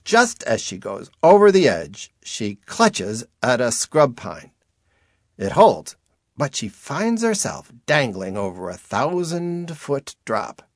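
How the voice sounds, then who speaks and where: A man's voice: mid-range voice, huge pitch swings, slow pace, no echo. A man narrating an audiobook in a dry, wry first-person storytelling manner.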